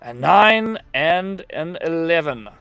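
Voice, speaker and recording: A man's voice: fairly high pitch, expressive, takes it slowly, creaky, fairly bright tone, clear, resonant tone, no room sound. A man from Canada playing a tabletop game, playful and theatrical in his comments. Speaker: player. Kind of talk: tabletop role-play chat.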